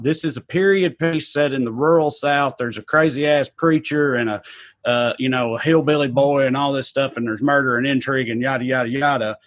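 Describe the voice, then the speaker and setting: A man, co-hosting a podcast in relaxed, rambling chat with casual swearing. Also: mid-range voice, no echo. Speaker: podcast co-host.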